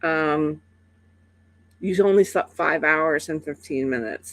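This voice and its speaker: A woman's voice: low voice, takes it slowly, pauses often, a bit bright, no room sound. Chatty sleepy woman livestream host. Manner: chatty, rambling, many fillers. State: sleepy, yawning. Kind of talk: casual livestream chat.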